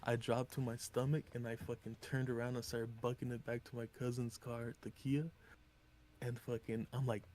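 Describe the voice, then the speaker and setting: A man's voice: mid-range voice, level tone, moderate pace, a little mellow, a little hiss or hum. A man streaming live, telling a rambling story full of swearing and acting out what people said. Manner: profane, rambling, acts out quotes.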